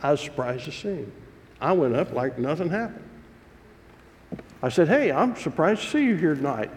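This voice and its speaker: A pastor preaching a sermon, telling stories in a folksy, earnest way. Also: male voice, on the high side, expressive, normal speed. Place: church sanctuary. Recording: long reverb of a large hall.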